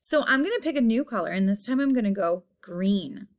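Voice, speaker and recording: A woman teacher giving a phonics lesson, saying each word slowly and repeating it while stretching the vowel sounds. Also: mid-range voice, animated.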